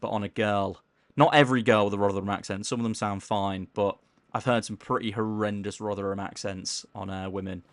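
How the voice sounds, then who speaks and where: A man casually chatting on a live gaming stream, reading chat aloud in a mellowed-out, low-key way and tripping over words as he plays. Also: no echo. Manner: stumbles over words while playing.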